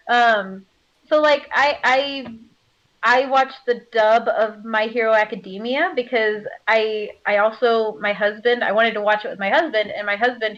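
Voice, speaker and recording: A bubbly woman with a fairly high voice, chatting casually in an interview. She laughs often and fills her speech with filler words. The recording sounds slightly muffled. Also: a bit bright. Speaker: voice actor.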